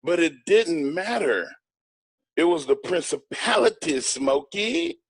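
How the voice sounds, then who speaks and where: A man's voice: on the high side, lively intonation, slow pace, husky, dry recording. Blunt, boastful man telling a story. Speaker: guest. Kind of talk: storytelling in an interview.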